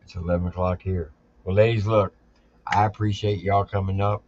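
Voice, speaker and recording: A man hosting a casual livestream chat, teasing and laughing loudly with his guests. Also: low voice, flat delivery, a little fast. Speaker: livestream host. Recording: slightly dull lo-fi sound.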